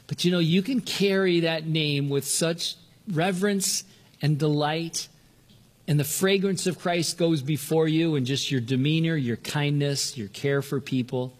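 An older man from Southern California preaching a sermon earnestly, often restarting words and lifting his pitch to stress a point. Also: fairly even intonation, a little slow. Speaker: pastor.

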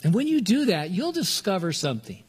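Earnest older pastor, raised voice. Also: male voice, very animated, fairly quick, darkish tone, breathy edge. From Southern California. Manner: earnest, restarts words, pitch swings up when stressing points. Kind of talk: sermon.

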